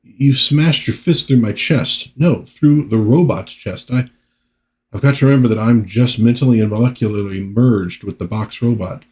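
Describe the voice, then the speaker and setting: A man's voice: mid-range voice, normal speed, a little mellow, close to an everyday voice. A man reading aloud as a frightened young man merged with a robot, stammering in a raised voice. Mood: panicky.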